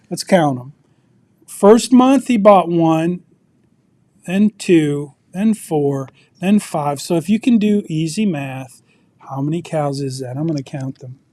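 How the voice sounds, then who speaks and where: Over a video meeting, a man presents an interactive personal finance lesson to a group, telling a story and quizzing the audience along the way. His voice is fairly high and warm, a little slow, and the recording is dry.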